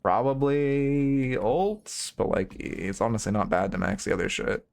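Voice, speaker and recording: A man's voice: lowish voice, measured pace, creaky, hardly any pauses, a little mellow. A young man streaming and coaching a game, rambling through frank, profane critique in casual commentary.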